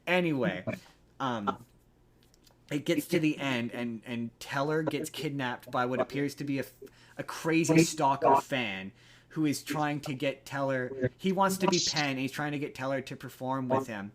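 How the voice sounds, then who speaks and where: A man's voice: mid-range voice, moderate pace. A man co-hosting a podcast in casual chat, eagerly retelling a movie with many restarts and acted-out quotes. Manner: animated retelling, acts out quotes, stammers and restarts. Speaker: podcast co-host.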